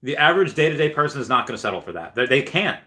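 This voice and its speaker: A man's voice: mid-range voice, very animated, very fast, bright, forceful tone. A man hosting a casual vlog, rambling with many fillers and restarts and frequent chuckles. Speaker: gaming and crypto video host.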